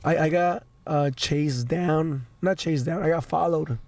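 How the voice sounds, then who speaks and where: A man's voice: fairly high pitch, measured pace, vocal fry, a little mellow, no echo. A man hosting a podcast, telling a rambling story with lots of stammers and swearing, his voice worn from being sick. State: voice worn out from illness. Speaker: podcast host. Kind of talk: casual chat, storytelling.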